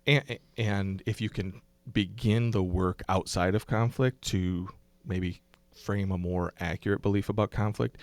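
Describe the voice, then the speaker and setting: A middle-aged man, a pastor, explaining his ideas in a relaxed podcast conversation, thinking aloud with ums and restarts. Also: sits low, a little slow, hardly any pauses, no room sound. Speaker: pastor and guest.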